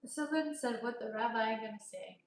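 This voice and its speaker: Outdoors near her home at dusk, an Armenian woman hosts a casual livestream, chatty and playful, reading viewer comments and occasionally slipping into a sing-song voice. She speaks a little high with lively intonation at a moderate pace. The audio is echoey, a little distant from the mic, with slight hiss or hum.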